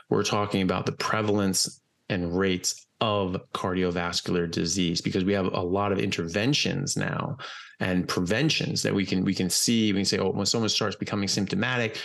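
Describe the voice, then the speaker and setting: A man's voice: low-pitched, gravelly, a bit bright. A man in casual podcast conversation, explaining emphatically with loose fillers and repeated words, and occasionally swearing bluntly.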